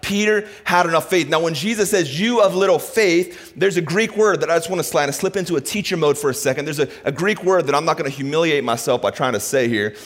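Male pastor preaching a passionate sermon in a church, surging and dropping to quiet asides, echoing sanctuary. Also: on the high side, fast talker, hardly any pauses. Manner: impassioned, swings from loud preaching to hushed asides. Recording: reverberant hall.

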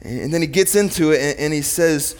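A man's voice: fairly high pitch, a little fast. Male pastor, sermon, rhetorical questions, swelling and dropping intensity, long church reverb. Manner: preaching with rhetorical questions, rising and falling intensity.

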